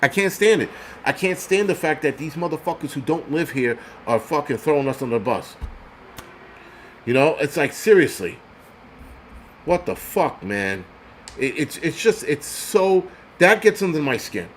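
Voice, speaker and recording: A man in a heated livestream rant, swearing freely and tripping over his own words as he gets worked up. His voice sits a little high for a man. A faint hum runs underneath. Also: expressive, moderate pace. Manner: angry, profane, heated ranting; repeats and restarts words when worked up. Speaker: host of a prepping channel.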